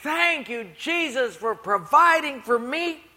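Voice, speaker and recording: A man voicing a poor, devout old woman who gives thanks in a high, drawn-out, lilting voice. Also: lively intonation, pushed and bright, long reverb tail, exaggerated voice. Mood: grateful praise.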